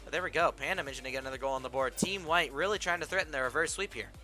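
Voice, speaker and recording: A young man casting an esports match in a relaxed, rambling way, joking and filling gaps with "you know". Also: on the high side, very fast, soft background music. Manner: rambling, joking, many fillers. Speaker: esports caster. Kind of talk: casual play-by-play commentary.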